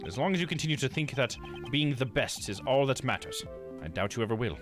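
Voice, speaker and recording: A man voicing a stern, proud male prosecutor, lowered and measured, dubbing game dialogue live. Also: animated, lightly acted. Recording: game music behind.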